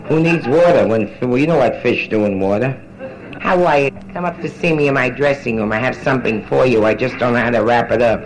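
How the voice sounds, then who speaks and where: A woman's voice: rumbling low, moderate pace, rough recording. A middle-aged woman doing bawdy live stand-up in a nightclub, brassy and boozy, teasing the audience between jokes. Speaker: nightclub comedian. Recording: vintage live club record with band. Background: live band.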